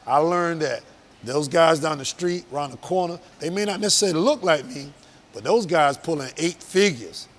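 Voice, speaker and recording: A man's voice: on the high side, normal speed. A man, a business owner talking earnestly and emphatically as an interview guest. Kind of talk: casual interview talk.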